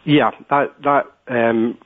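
A man with a Scottish accent, a guest on an interview, explaining at length and pausing often with filler words. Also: medium pitch, steady tone. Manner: hesitant, many filler words. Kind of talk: interview over the phone. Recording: tinny phone line.

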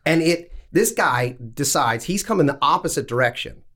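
Animated, profane storytelling man. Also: a little high, moderate pace. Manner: animated, profane, acts out dialogue. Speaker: podcast co-host. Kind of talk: casual storytelling chat.

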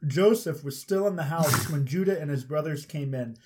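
A man co-hosting who reads scripture passages aloud and earnestly explains them, gently correcting his partner. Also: fairly high pitch, normal speed, background noise. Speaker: co-host.

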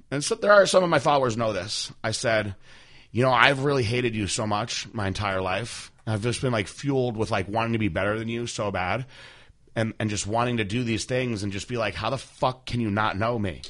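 A young man hosting a podcast, telling a personal story candidly, with many fillers and halting restarts. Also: fairly low pitch, fairly bright tone. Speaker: podcast host.

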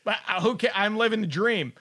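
A man's voice: high-pitched, a little fast, sharp tone, full character voice. A man imitating a famous retired basketball star who talks through laughter and sounds carefree. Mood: amused.

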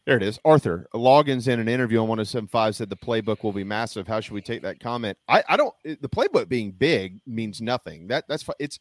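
A man's voice: lowish voice, no echo, studio quality. A man, a former college quarterback, talking football frankly as a guest. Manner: frank, explanatory. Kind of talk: casual sports talk.

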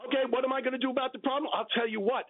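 Man, radio caller, argumentative, repeats himself, high voice, tinny phone line. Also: fairly even intonation, racing, no echo. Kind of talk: call-in radio talk.

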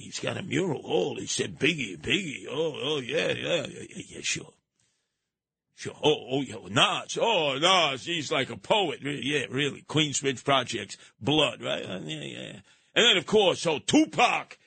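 A man's voice: fairly high pitch, gravelly, sharp tone, husky, dry recording. A man hosting a live talk radio show, mocking and combative, slipping into put-on voices.

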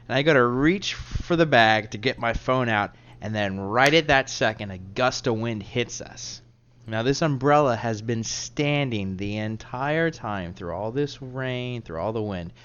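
A man's voice: medium pitch, a bit bright, clean tone, highs cut off. A man co-hosting a podcast, telling a rambling, crude story in casual chat and laughing at himself as he goes. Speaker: podcast co-host.

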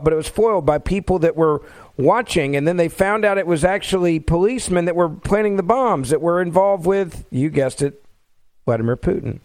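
Man, middle-aged, high voice, dry close sound, impassioned political commentary, rhetorical questions. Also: darkish tone, no echo. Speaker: podcast host.

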